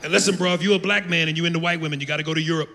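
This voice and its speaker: Brash gravelly comedian man. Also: a little high, fairly even intonation, racing, a crowd in the background, background noise. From United States. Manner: brash, profane, acts out accents. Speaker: stand-up comedian. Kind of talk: stand-up comedy set. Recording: long hall reverb.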